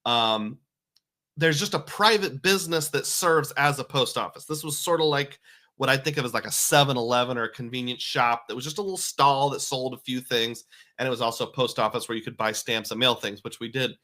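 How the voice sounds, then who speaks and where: A middle-aged man with a bright, forceful voice talks over a slideshow of family trip photos. He keeps it folksy and loose, with casual asides and quick self-corrections, at an everyday pitch that sits right in the middle. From United States. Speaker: family travel vlogger.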